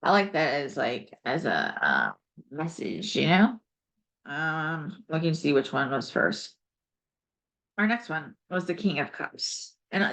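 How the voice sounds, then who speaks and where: A woman's voice: lowish voice, creaky, fairly bright tone. A woman giving a casual, rambling tarot reading, reflective and full of asides and fillers. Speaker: tarot reader. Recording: dull lo-fi recording.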